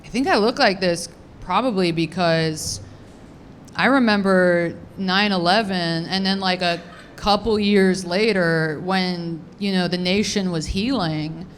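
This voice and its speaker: Deadpan woman doing crude stand-up. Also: fairly low pitch, measured pace, slight background noise. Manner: deadpan, rambling, crude, self-deprecating. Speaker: stand-up comedian. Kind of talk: stand-up comedy set. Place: comedy club stage.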